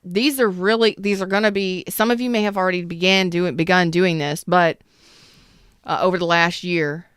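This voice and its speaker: A woman giving a casual livestream tarot reading, blunt and animated, swearing freely and speaking straight to her viewers. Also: fairly low pitch, normal speed, clear, resonant tone, dry recording, clean studio sound. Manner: blunt, swearing, animated Southern-style slang. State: clearing throat after a cough. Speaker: tarot reader.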